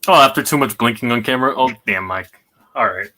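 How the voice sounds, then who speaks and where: A man's voice: medium pitch, fast talker, pushed and bright, slight background noise. Male guest, jokey, laughs a lot, mid-range voice. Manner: joking, laughs between lines. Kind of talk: casual gaming stream chat.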